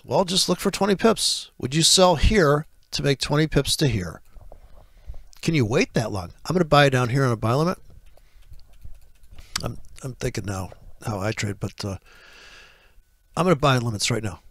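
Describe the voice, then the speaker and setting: A man giving excitable, profane live trading commentary, thinking out loud as he places orders. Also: fairly high pitch, normal speed, pauses often, dry recording. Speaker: forex trader.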